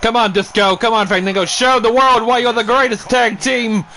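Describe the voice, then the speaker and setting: A man casually giving play-by-play commentary on a wrestling video game, excitable, swearing and cheering on the wrestlers, while fighting off the hiccups. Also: extremely high pitch, moderate pace, slight background noise. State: has the hiccups. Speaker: gameplay commentator.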